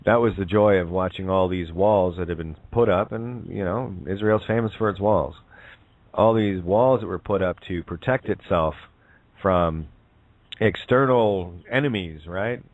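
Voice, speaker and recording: A man gives a casual spiritual talk on a call-in show, rambling with lots of fillers and checking in with "right?". His low voice moves at a measured pace, coming through a tinny, dry phone line with no room sound.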